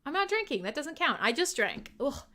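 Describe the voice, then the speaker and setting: A woman hosts a live internet radio show in a casual, irreverent way, swearing freely and breaking into laughter. Her voice sits a bit high and swings widely in pitch. The tone is bright and sharp. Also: sing-song, moderate pace. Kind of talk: casual live-stream chat.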